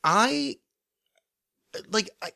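A man's voice: high-pitched, expressive, very slow, gravelly, pushed and bright. A man hosting a casual solo podcast, rambling in a loose, profane, self-deprecating way. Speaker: podcast host.

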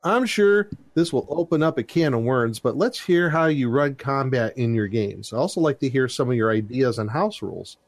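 A man's voice: medium pitch, lively intonation, moderate pace, few pauses, no room sound. A middle-aged man hosting a casual podcast, reading listener reviews aloud with jokes, close to a dry mic. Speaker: podcast host.

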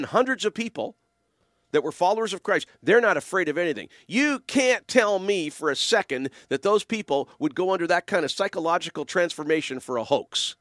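High, animated earnest man. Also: dry recording, clean studio sound. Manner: earnest, rambling, emphatic. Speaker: minister giving a talk. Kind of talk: casual spoken reflection. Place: lives in the Ottawa region.

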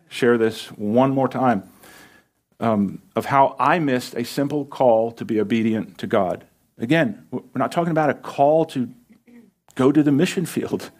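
A middle-aged man preaching with a mid-range voice, telling a personal story in an earnest, conversational way. He often drops soft and low to draw listeners in. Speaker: pastor. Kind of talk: sermon storytelling.

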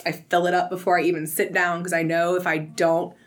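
A woman's voice: fairly low pitch, level tone, brisk. A woman guest in a casual chat, rambling along with lots of filler words.

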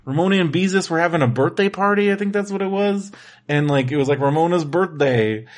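A man's voice: a little high, animated, a little fast. A man co-hosting a casual chat, rambling with lots of restarts and fillers. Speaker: podcast co-host.

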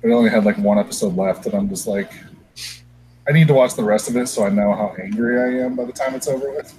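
A man's voice: lowish voice, fast talker, darkish tone, slight background noise, poor audio. A man hosting a podcast, chatting casually and ranting with frequent swearing. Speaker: podcast host. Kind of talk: casual chat.

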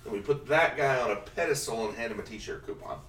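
Man, casual podcast banter, jokey and quick to laugh; roomy sound, faint hum behind. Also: medium pitch, a bit bright, distant mic. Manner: joking, laughs often. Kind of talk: casual chat.

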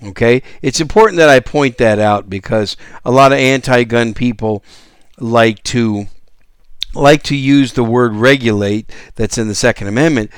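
A man's voice: medium pitch, moderate pace, smooth, no echo, studio quality. A man hosting a solo podcast, talking in an enthusiastic, conversational way with frequent restarts. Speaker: podcast host.

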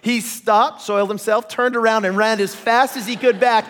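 A man preaching a sermon, telling stories in a lively, joking way and acting out voices. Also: high-pitched, moderate pace, few pauses. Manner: animated, jokey, acts out voices in stories. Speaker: pastor. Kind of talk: sermon with storytelling. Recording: long hall reverb.

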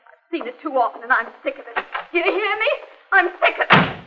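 An actress playing a headstrong, spoiled young heiress who speaks scornfully and defiantly in 1940s radio acting. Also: female voice, very high voice, big pitch swings, fast talker, a little hiss or hum, heavily acted. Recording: muffled 1940s radio broadcast.

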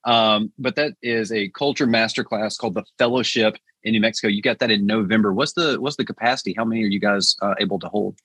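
Chatty male host, lowish voice, dry close mic, trips over words. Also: quick pace, few pauses, a bit bright, husky, no echo. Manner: eager, stumbling restarts. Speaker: podcast host. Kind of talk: conversational interview.

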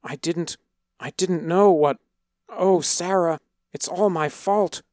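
A man's voice: fairly high pitch, takes it slowly, dry recording, clean studio sound, pitched above the performer's own voice. A man voicing a distraught young man who sobs through his words in a raised voice. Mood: sobbing. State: sobbing. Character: distraught young man, guilt-stricken and sobbing.

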